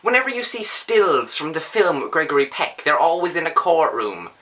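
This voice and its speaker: A young man standing at home, giving casual book reviews in an animated, sarcastic way with mock-outraged outbursts. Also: on the high side, moderate pace.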